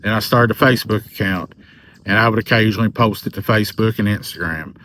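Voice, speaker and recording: A man in his forties with a thick Southern drawl, talking slowly and earnestly to camera about his faith and his channel. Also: on the low side, fairly bright tone, slight background noise. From American South. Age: 40s. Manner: slow, earnest, faith-filled. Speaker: paranormal content creator. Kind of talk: personal testimony to camera.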